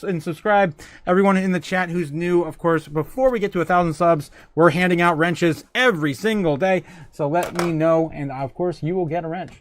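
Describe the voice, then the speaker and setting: Man, livestream host, rambling, laughs a lot, somewhat high-pitched. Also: slight background noise. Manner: rambling and jokey, laughs often. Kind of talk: casual livestream chat reading out viewer comments.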